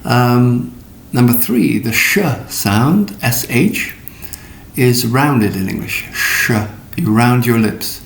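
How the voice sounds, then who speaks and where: A middle-aged man teaching English pronunciation, speaking slowly and deliberately with fillers and spoken demonstrations. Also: lively intonation, vocal fry. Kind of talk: recorded pronunciation lesson. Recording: echoey room with faint rumble.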